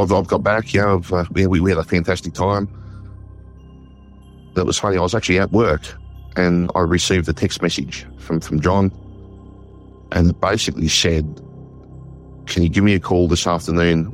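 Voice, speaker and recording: An Australian man, a war historian, telling a story in an interview with lively retold dialogue and frequent restarts. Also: low-pitched, brisk, faint music behind. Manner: animated, retells conversations in quoted dialogue, frequent restarts.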